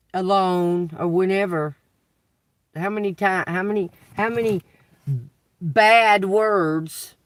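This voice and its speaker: Slow-talking woman on a live tarot stream, cussing and laughing, kinda far from the mic. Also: lowish voice, dry recording. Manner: blunt, profane, laughs often; preachy, addresses the collective. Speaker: tarot reader. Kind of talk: casual livestream talk.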